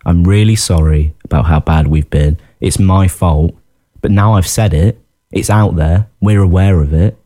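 A man with a low, mellow voice co-hosts a casual football podcast. He is chatty and self-deprecating, and he laughs often. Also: normal speed. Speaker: podcast co-host.

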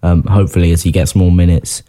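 A man with a low, mellow voice co-hosts a casual football podcast. He is chatty and self-deprecating, and he laughs often. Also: steady tone, quick pace. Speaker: podcast co-host.

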